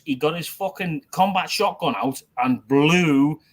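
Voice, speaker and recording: A man's voice: a little high, unhurried. A man in his forties, an army veteran guest, telling a rambling story with laughs and swearing. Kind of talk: casual storytelling chat.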